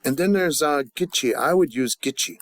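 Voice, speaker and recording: Man teaching grammar with halting restarts. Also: a little high, a bit bright, dry recording. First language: English. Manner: halting, many restarts and fillers, joking asides. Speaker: language teacher. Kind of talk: casual grammar lesson.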